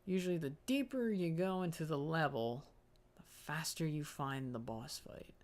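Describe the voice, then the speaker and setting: A man's voice: a little high, moderate pace, darkish tone. A young man casually commenting on his own gameplay, rambling and joking to himself as he plays. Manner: rambling, joking self-talk. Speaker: gaming video host. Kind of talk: casual let's-play commentary.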